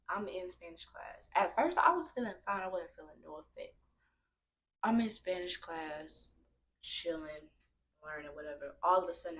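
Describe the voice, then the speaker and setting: A young woman telling a personal story to her viewers in a casual, animated way, often calling them y'all. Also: fairly low pitch. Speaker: vlogger.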